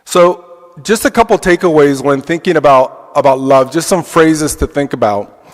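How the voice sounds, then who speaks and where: A man with a highish, expressive voice speaks at normal speed to an adult church class, reflecting on a personal story with casual fillers. The long reverb of the church hall colors the sound.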